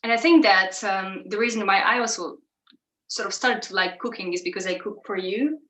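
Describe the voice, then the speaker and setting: Woman co-host, casual reflective chatter, frequent laughs, mid-pitched, echoey kitchen. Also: fairly quick, bright, forceful tone. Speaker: cooking show co-host. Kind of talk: casual chat.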